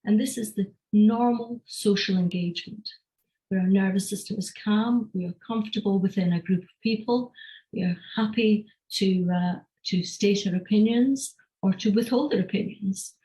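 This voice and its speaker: Woman giving an online health class over a video call, soft mellow voice, calm and steady. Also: medium pitch, low-quality recording. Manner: calm, measured explanation. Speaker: energy health teacher. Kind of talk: online lecture with guided breathing.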